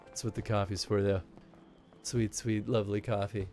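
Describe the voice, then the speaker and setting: A man's voice: lowish voice, flat delivery, moderate pace, darkish tone, faint music behind. A tired, easygoing man streaming a game and chatting casually with viewers, a little self-deprecating after little sleep.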